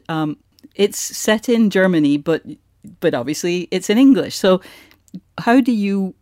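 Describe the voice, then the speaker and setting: Female podcast interviewer, lower voice, dry close sound, curious. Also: darkish tone, no echo. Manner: curious, conversational, with fillers.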